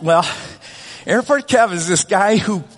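A man's voice: high voice, unhurried. A man preaching a sermon, telling a humble story about himself with many restarts and self-corrections. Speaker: pastor. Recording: long reverb of a church hall.

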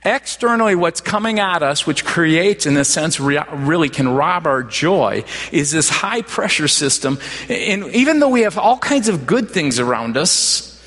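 A man's voice: fairly high pitch, very animated, unhurried, fairly bright tone, long reverb tail. A male pastor preaching a sermon in a chatty storytelling way, often restarting his phrases. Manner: conversational storytelling with repeated restarts.

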